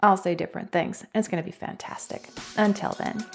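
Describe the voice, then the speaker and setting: A woman's voice: medium pitch, steady tone, brisk, vocal fry, music in the background. Chatty woman hosting a reaction video. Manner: chatty, enthusiastic sign-off. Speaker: reaction channel host. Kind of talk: casual reaction commentary.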